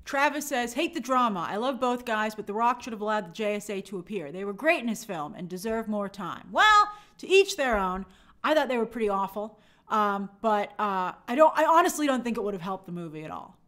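Animated, sarcastic woman streaming commentary. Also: mid-range voice, a little fast. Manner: animated, sarcastic, acts out quoted reactions; reads viewer comments aloud. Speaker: host of a movie news live stream. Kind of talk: casual live-stream commentary.

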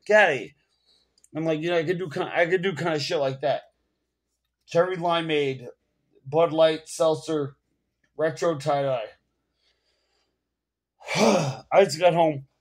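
New York vlogger, rambling profane rant, a bit high-pitched. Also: male voice, steady tone, measured pace, pauses often. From Bronx, New York. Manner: profane, rambling, full of fillers. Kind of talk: casual rant to camera. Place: at home.

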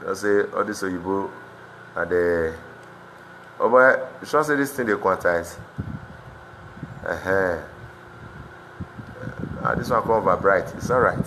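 An impassioned young man with a Nigerian Pidgin accent speaks in a forceful, bright voice and rises at times into shouting. He is recorded in an echoey room with faint noise behind him. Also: on the low side, moderate pace, pauses often. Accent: Nigerian Pidgin English. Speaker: street commentator. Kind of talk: emotional protest vlog.

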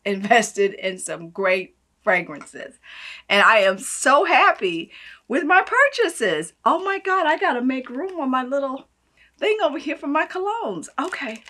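A bright-voiced woman, gushing over each item in a casual unboxing vlog. She swings between hushed, near-whispered asides and loud, delighted exclamations, and her voice sits a little high for a woman. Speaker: beauty vlogger.

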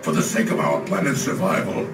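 An actor playing a treacherous, grave old male robot commander with a gravelly, commanding voice, heard in a distant, roomy film clip under a loud score. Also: a little fast, over music, natural voice. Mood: solemn.

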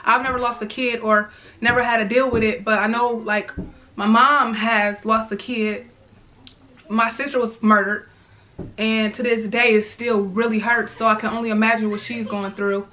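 A woman with a high, bright, forceful voice speaks straight to her viewers in a casual vlog. She is heartfelt and repetitive, leaning on "y'all" as she talks it through. She sounds like a mother sharing her feelings unscripted. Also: steady tone, moderate pace, low-quality recording. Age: adult, mother of young girls. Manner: heartfelt, repeats herself, addresses viewers as y'all. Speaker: vlogger. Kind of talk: emotional casual commentary to viewers.

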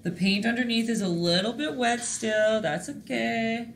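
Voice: medium pitch, steady tone, unhurried, gravelly, fairly bright tone, echoey room, a little hiss or hum. A host teaching a live-streamed painting lesson in a chatty, encouraging way, talking to viewers in the chat.

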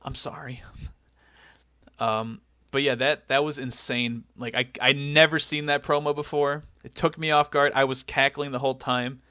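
A young man co-hosting a casual comedy podcast, recapping a wrestling show with animated storytelling and goofy impressions. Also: mid-range voice, moderate pace, clean tone, dry recording, studio quality. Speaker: podcast co-host.

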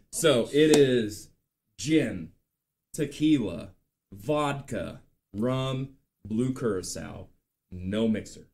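A man in his late thirties hosting a live show, telling stories in a chatty, animated way with lots of ums and uhs. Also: medium pitch, drawn-out words, vocal fry, long pauses. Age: late 30s. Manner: chatty, animated storytelling with filler words. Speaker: podcast host. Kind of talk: casual live-stream chat.

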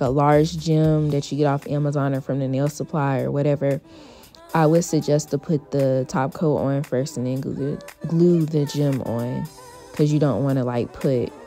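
Low, mellow-voiced woman vlogger. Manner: chatty, relaxed, frequent fillers. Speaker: beauty vlogger. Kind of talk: casual tutorial voice-over.

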